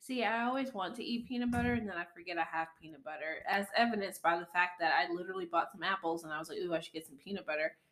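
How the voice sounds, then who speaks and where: Female co-host, casual book-chat voice, lively retellings with casual swearing. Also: fairly low pitch, quick pace, hardly any pauses, slight background noise. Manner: chatty, swears casually, acts out characters. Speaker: podcast co-host.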